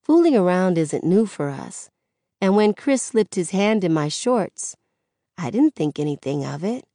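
Slow, candid woman narrating an audiobook. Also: lowish voice, no echo, clean studio sound. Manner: candid, conversational, expressive. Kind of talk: first-person audiobook narration.

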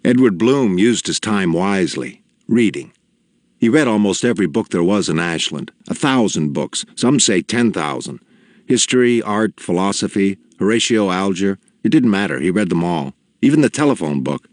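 A man narrating an audiobook in a measured, deliberate storytelling manner with quiet gravity. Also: sits low, lively intonation, no echo, studio quality. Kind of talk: scripted narration.

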